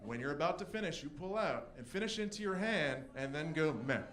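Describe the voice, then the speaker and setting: A young man doing a stand-up comedy set, telling a story with quick voice switches for the people in it. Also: fairly high pitch, expressive, background noise. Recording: echoey room.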